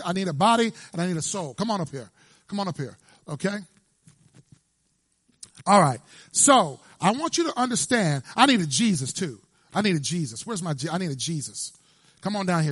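A male preacher giving an emphatic, animated sermon and quizzing his congregation. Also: high-pitched, no room sound, clean studio sound.

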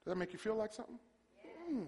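A male preacher giving an animated sermon, mocking and swinging from hushed to shouting. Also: sits high, very fast, in a large hall.

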